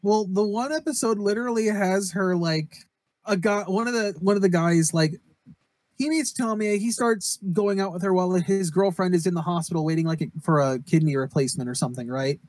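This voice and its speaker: Rambling, slightly high man swearing casually. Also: fairly quick, darkish tone, dry recording. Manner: rambling, profane, acts out quotes. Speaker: podcast co-host. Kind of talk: casual chat recapping a horror anime.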